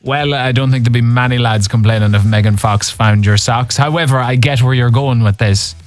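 A man co-hosting an evening radio show, chatting casually and jokily, quick to laugh at himself. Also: mid-range voice, fairly even intonation, no room sound, soft background music. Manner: jokey, laughs often, self-deprecating.

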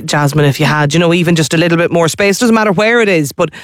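Fast, high-voiced Irish radio host. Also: male voice, steady tone, no echo, clean studio sound. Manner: soothing, reassuring, repeats words. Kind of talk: radio phone-in interview.

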